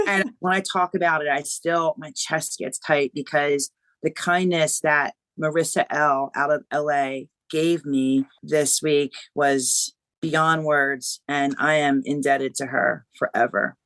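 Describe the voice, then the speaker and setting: Animated woman author telling a story. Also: low voice, unhurried, dry recording. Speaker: guest author. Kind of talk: podcast interview.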